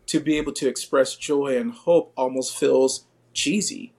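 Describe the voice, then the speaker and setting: A man's voice: medium pitch, fairly even intonation, unhurried, a little mellow. A man talking as a podcast guest, reflective and often searching for his words in casual conversation.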